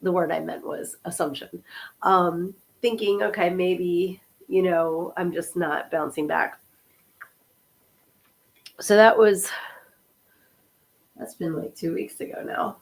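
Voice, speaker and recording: A woman in her fifties with a slightly low voice, hoarse and sniffly from a lingering cold. She chats casually to her livestream audience, greeting people by name and apologizing for how she sounds. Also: takes it slowly, long pauses. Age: 50s. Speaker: podcast host and author.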